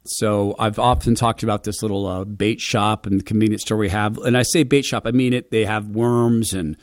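A middle-aged man hosting a radio show, telling a personal story to his listeners in an earnest, heartfelt, conversational way with quick restarts. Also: on the low side, steady tone, no echo, clean studio sound. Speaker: radio and podcast host.

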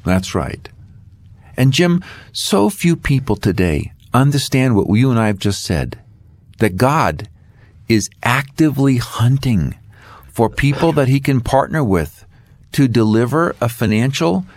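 A man's voice: mid-range voice, dry recording. A middle-aged man, an author and guest, telling a faith story and acting out the voices in it. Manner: animated storyteller acting out dialogue.

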